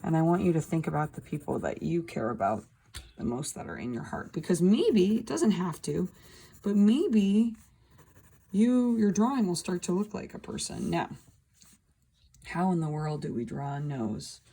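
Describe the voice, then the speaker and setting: A woman's voice: fairly low pitch, expressive, moderate pace, creaky, warm tone, slightly rough. A woman teaching a drawing lesson, talking through each step as she draws. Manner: talking while drawing, thinking aloud. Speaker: art teacher. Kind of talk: drawing demonstration.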